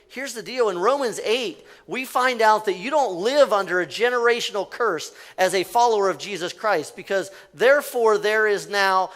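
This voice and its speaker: A man's voice: sits high, fairly bright tone. A male pastor preaching a conversational sermon in a church, leading the congregation in call-and-response. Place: church sanctuary.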